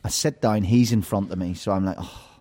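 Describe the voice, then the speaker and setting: A man hosting an interview show, playful and animated as he tells stories and quizzes his guest. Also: lowish voice, fairly quick. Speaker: host. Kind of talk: lively interview chat.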